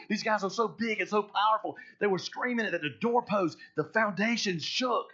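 A pastor preaching a sermon in an emphatic way, swinging between hushed and loud. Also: male voice, high-pitched, moderate pace, dull audio.

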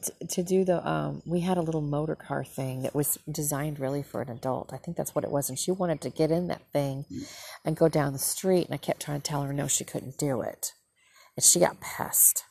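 A woman's voice: low voice, moderate pace, gravelly, husky, no room sound. A woman from the northern United States hosting a podcast, rambling through a casual story and correcting herself as she goes. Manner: rambling, self-correcting, animated retelling. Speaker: podcast host and mother.

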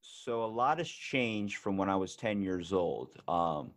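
A man's voice: low-pitched, expressive, measured pace. A man hosting a podcast, chatting casually and joking around, swearing freely. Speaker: podcast host. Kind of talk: casual comedic chat.

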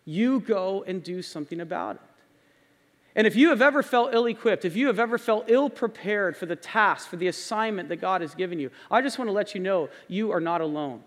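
A man with a high voice preaching a sermon, earnest and insistent, hammering key phrases again and again. His voice rings out with a long reverb off the walls of a church sanctuary. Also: animated, brisk. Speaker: pastor.

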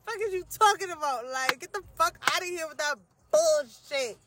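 A woman co-hosting a podcast, talking in loud, profane, animated casual chat. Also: sits high, normal speed. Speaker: podcast co-host.

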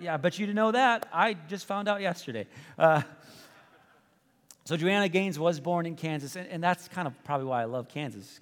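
A male pastor preaching in a casual, joking way, stumbling and restarting as he goes. His voice sits a little high for a man. The sound carries a long reverb from a large church hall. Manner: conversational, joking, restarts often. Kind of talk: sermon.

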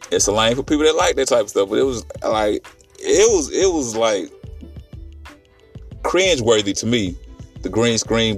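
Lowish guy ranting loosely about a movie, swears a lot, tons of "like" and "uh", sits back from the mic. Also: distant mic. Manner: rambling, profane, animated retelling with many fillers. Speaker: podcast host reviewing a film. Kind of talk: casual movie recap.

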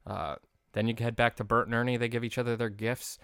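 A man in his late twenties hosting a podcast, casually recapping a holiday TV special as a chatty, animated storyteller. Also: medium pitch, quick pace, vocal fry, smooth, no room sound, studio quality. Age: late 20s. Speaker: podcast host.

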